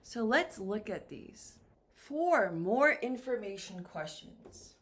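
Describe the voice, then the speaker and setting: Woman teacher, super slow and clear for beginners, big sing-song ups and downs. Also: mid-range voice, big pitch swings, slight background noise. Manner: slow, clear, exaggerated intonation for learners. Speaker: English teacher. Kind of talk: slow beginner ESL lesson.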